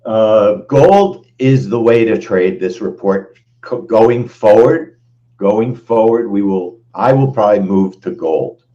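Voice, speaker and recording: On a live stream, a trading show host recaps the results emphatically, repeating his phrases. His voice is on the low side, slow and mellow, and the sound is lo-fi.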